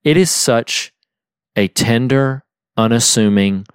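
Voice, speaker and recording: A man's voice: medium pitch, slow pace, clean tone, no echo, clean studio sound. A man co-hosting a podcast, talking earnestly and with feeling as he retells a film scene at length. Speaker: podcast co-host. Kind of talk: casual film discussion.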